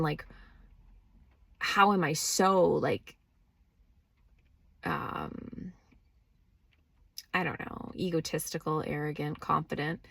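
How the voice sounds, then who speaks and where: A woman's voice: sits low, creaky, slightly rough, no room sound. A woman talking casually to camera from inside her car with no external microphone, blunt and swearing freely as she questions herself. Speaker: spiritual vlogger. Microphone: no external microphone, phone or camera.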